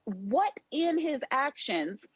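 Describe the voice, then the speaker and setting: A woman's voice: high voice, sing-song, takes it slowly, husky, no echo. A woman legal commentator in a panel discussion, firing off emphatic rhetorical questions. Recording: dull lo-fi remote audio.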